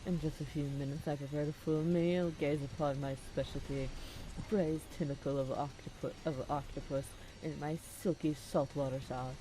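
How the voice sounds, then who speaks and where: A woman voicing a grandiose male cooking student in a flat monotone while playing a visual novel with friends. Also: sits low, normal speed, noisy background, natural voice. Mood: boastful. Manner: grandiose boasting.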